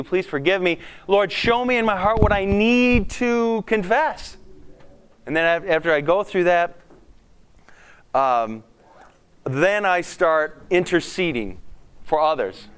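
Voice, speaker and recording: A man with a high, smooth, resonant voice gives a devotional talk to a live audience. He speaks in a lively way, often restarts his sentences, and acts out his own prayers as he goes. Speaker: school principal giving a devotional talk. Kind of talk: sermon-style devotional talk.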